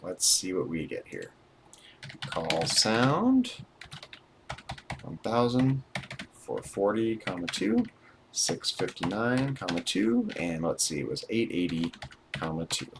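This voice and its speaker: A man's voice: fairly low pitch, huge pitch swings, slow, creaky, long pauses, noisy background. A man reading from a programming book aloud and dictating numbers as he types them, thinking aloud with dry asides. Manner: reads book passages, then dictates numbers while typing. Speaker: instructor working through a programming book. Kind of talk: live-streamed coding lesson, reading aloud and typing. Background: keyboard typing.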